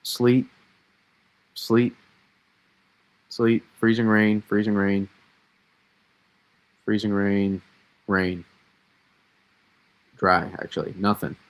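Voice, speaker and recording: A man with a Massachusetts accent hosting a casual live weather analysis, thinking aloud in a halting way with many fillers. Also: lowish voice, level tone. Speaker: weather stream host.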